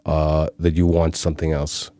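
A man's voice: extremely low pitch, completely flat delivery, moderate pace, mellow, no echo. A young man who does voiceover and sound editing, talking casually and laughing easily as he slips into accent impressions. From Cyprus. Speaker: voiceover artist and sound editor. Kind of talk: casual conversation.

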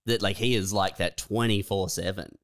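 Low-voiced laid-back man. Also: steady tone, moderate pace, fairly bright tone. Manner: laid-back, laughs often, says man a lot. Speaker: podcast co-host. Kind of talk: casual comedic chat.

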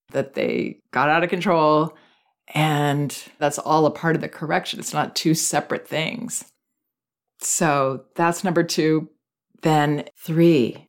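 A woman hosting a parenting advice podcast, talking calmly and gently, thinking aloud with small restarts. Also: sits low. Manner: calm, gentle, reflective with many restarts.

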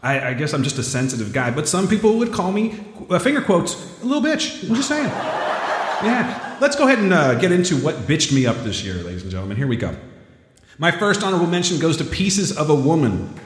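A man's voice: fairly high pitch, sing-song, brisk, reverberant, in a large hall, noisy background. A man co-hosting a podcast, chatting casually and joking about his movie award picks. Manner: joking, self-mocking banter. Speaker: podcast co-host.

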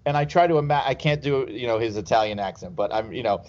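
A man's voice: mid-range voice, fast talker, a little mellow. A man telling stories in a casual chat, rambling and laughing as he goes. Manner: rambling, laughs through anecdotes. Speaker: podcast guest. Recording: slightly dull lo-fi sound.

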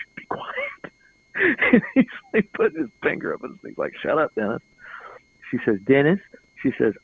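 A man's voice: mid-range voice, vocal fry, slightly rough, low-quality recording. A middle-aged man telling a long anecdote in an interview, rambling and chuckling, often repeating words as he goes. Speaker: interview guest. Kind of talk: casual anecdotal storytelling.

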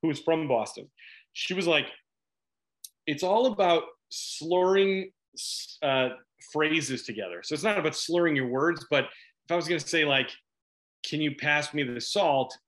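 A middle-aged man from Chicago chats as a guest in a casual interview. His voice is bright and forceful, and he laughs often. He rambles, restarting his sentences as he goes. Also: a little high, lively intonation, normal speed. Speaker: actor guest.

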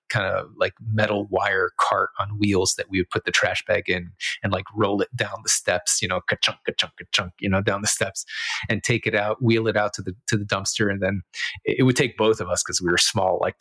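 A man's voice: fairly low pitch, a bit bright, no room sound. A man, a podcast guest, telling a story in a rambling, self-correcting way, full of fillers. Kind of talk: casual storytelling.

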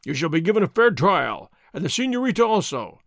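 A blustering army sergeant from an old adventure story, loud and commanding, as a man reads him aloud. The voice is a bit raised and forceful. It is recorded close and dry. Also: high voice, very animated, brisk, no room sound, exaggerated voice.

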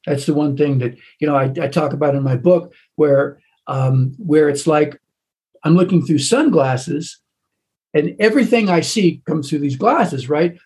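A man who is an author talking in a casual conversation, halting, with many restarts. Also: on the high side, darkish tone.

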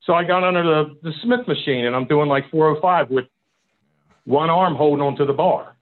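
Man, interview guest, slightly high voice, halting and relaxed, phone-like sound. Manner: relaxed, halting, with many fillers. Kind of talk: casual interview chat. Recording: tinny phone-like line.

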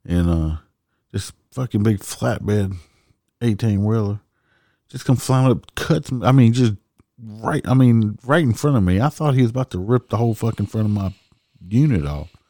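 A man's voice: fairly low pitch, animated, normal speed, dark tone, no echo, studio quality. A man, a traffic police officer telling stories in a blunt, profane, ranting way. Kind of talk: casual storytelling monologue.

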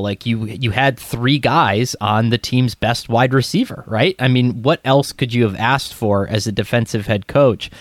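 A man's voice: mid-range voice, no echo, clean studio sound. A young man co-hosting a sports podcast, talking loosely with many fillers. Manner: loose, filler-heavy, chatty. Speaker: podcast co-host. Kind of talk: casual sports chat.

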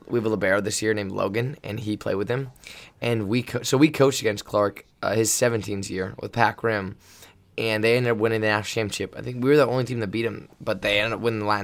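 A man's voice: fairly low pitch, gravelly. A man who coaches volleyball, chatting casually on a podcast and rambling through stories with lots of restarts. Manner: rambling, animated storyteller with many restarts. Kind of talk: casual storytelling chat.

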